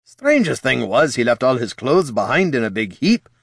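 A man voicing a blunt, gruff dwarf. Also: medium pitch, very animated, moderate pace, no room sound, studio quality, voice pushed up, full character voice. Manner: plain-spoken, folksy slang.

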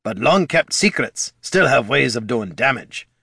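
A man's voice: medium pitch, very animated, measured pace, vocal fry, pushed and bright, breathy edge, no echo, clean studio sound, full character voice. A man voicing a blunt, folksy veteran adventurer who worries about his party. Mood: earnest.

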